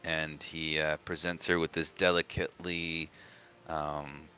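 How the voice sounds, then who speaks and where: A man player narrating his character in a tabletop game in a relaxed, offhand way. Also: a bass voice, unhurried, soft background music.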